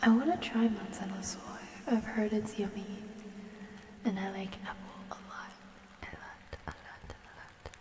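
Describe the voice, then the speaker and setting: A woman streamer hosting a cozy ASMR chat, talking to viewers softly and often in a whisper, unhurried. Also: medium pitch, wildly swooping pitch, echoey room, in a large hall, far from the mic, noisy background.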